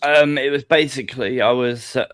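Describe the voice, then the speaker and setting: A man's voice: mid-range voice, steady tone, moderate pace, fairly bright tone, no room sound, clean studio sound. A man, talking on a live stream panel in a rambling, hesitant, sweary way. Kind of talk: casual stream chat.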